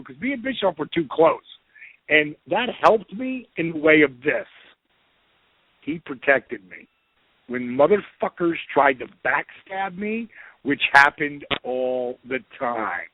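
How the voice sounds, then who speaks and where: A middle-aged man telling a story in a casual, profane, animated way, acting out the quotes. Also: on the high side, measured pace, no room sound. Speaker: podcast guest. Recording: tinny phone-like line, dry.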